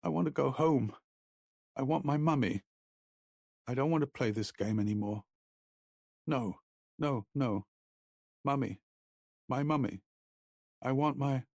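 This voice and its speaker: A male narrator voicing a terrified young boy who cries and wails his pleas in a high, breaking voice. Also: expressive, unhurried, creaky, mellow, breathy edge, no echo, clean studio sound, full character voice. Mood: sobbing. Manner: crying, repeating pleas in a high wail.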